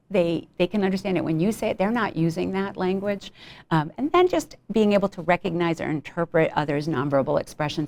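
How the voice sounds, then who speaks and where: A woman giving a clinical lecture on child behavioral health in a relaxed, conversational way, with frequent ums and brief acted-out examples. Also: lowish voice, gravelly.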